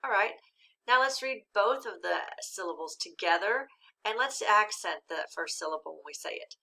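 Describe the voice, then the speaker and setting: A woman teacher giving a slow, patient phonics lesson, speaking clearly and sounding out each syllable. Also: medium pitch, lively intonation, pushed and bright. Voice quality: clear, deliberate enunciation of syllables.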